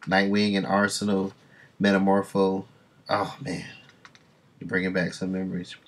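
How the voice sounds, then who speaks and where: A man reading comics aloud on a stream, rambling through enthusiastic fan asides and dropping into quick voices for the characters. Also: low voice, monotone. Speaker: comic book reader and streamer. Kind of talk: casual comic reading commentary.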